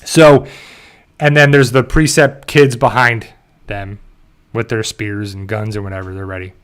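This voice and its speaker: A man's voice: fairly low pitch, steady tone, a little slow, clean tone. A man hosting a show, animatedly recapping a TV episode in casual talk and briefly mimicking the characters. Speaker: show host.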